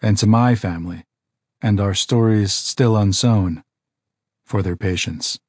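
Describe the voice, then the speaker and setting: A man narrating a nonfiction audiobook in a measured, even reading style. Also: lowish voice, no room sound, studio quality.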